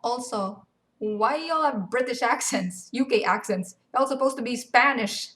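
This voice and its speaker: A woman's voice: fairly high pitch, a little slow, a bit bright. A young woman, ranting animatedly and sarcastically in casual game commentary, swearing freely. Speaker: gaming video commentator.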